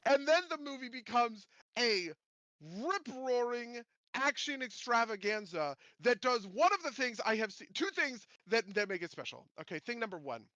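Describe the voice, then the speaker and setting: Rambling, animated, high-voiced man. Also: dry recording, rough recording. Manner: rambling, animated, self-interrupting. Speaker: podcast host. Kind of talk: casual movie chat.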